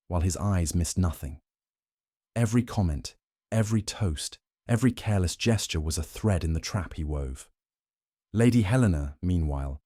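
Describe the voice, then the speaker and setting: Storybook narrator, man, formal and measured, deep mellow tone. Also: dry recording, studio quality.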